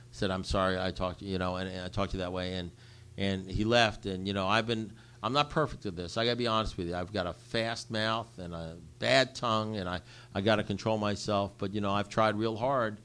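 A man's voice: lowish voice, a bit bright. An older man telling a personal recovery story to a group, speaking bluntly and conversationally and repeating phrases for emphasis.

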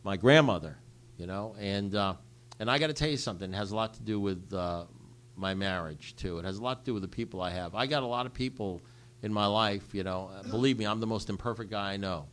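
A man's voice: lowish voice, fast talker, a bit bright. An older man telling a personal recovery story to a group, speaking bluntly and conversationally and repeating phrases for emphasis.

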